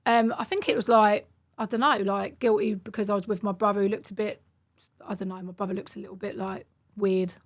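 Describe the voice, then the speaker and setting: A woman in her thirties, a podcast guest, telling stories in a casual, animated way and acting out the voices in them. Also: medium pitch, brisk. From United Kingdom. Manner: animated, acts out quoted voices. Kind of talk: casual storytelling.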